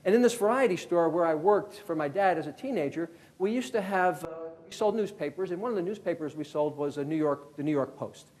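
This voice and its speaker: High-voiced man telling a lively story. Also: fairly quick, few pauses. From Connecticut, USA. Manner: lively anecdotal storyteller who acts out callers. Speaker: speaker, former FBI agent. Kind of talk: storytelling keynote talk.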